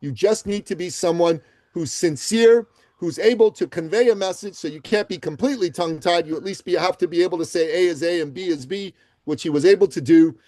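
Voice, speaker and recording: A man from Iran, a podcast guest, telling success stories with animated, emphatic delivery. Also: high-pitched, brisk, no room sound. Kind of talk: energetic storytelling interview answers.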